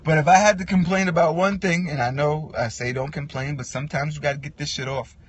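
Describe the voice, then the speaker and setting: A man ranting in a casual, profane monologue, animated and quick to act out what others said. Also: fairly high pitch. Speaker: podcast host.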